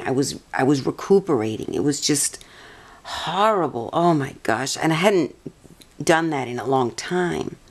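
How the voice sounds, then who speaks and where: Low-voiced chatty woman. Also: darkish tone. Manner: meandering, chatty, many restarts. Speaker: vlogger. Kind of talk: casual personal storytelling.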